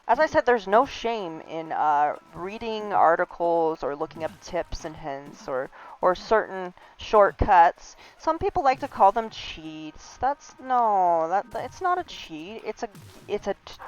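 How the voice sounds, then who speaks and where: A woman game streamer giving chatty, rambling, giggly commentary live. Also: on the low side. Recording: slightly dull stream audio with faint game music.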